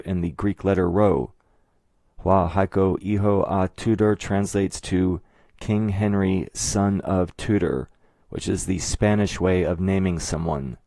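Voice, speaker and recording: Male narrator for an explainer: deep voice, dry close-mic sound, measured and methodical. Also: dark tone, no echo. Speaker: video essayist.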